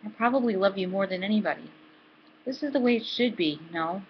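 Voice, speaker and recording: A woman's voice: medium pitch, expressive, quick pace, highs cut off, slight background noise, pitched above the performer's own voice, lightly acted. A woman doing a brash, blunt college girl. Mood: tender. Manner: blunt and profane. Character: brash, bold young woman college student.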